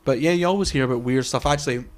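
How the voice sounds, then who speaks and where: A man co-hosting a casual podcast chat, rambling, swearing and groping for words, often trailing off quietly. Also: mid-range voice, very fast. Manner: trails off quietly mid-sentence. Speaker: podcast co-host.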